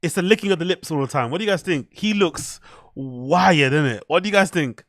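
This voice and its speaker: A man's voice: on the high side, lively intonation, a little fast, no room sound, studio quality. A man, commenting to his chat on a live stream in a rambling, profane way.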